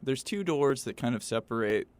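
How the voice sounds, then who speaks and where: A man's voice: medium pitch, lively intonation, normal speed. A man who plays guitar in a band, joking dryly while being interviewed in a radio studio. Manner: dry, joking. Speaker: guitarist and backup singer. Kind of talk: casual interview chat.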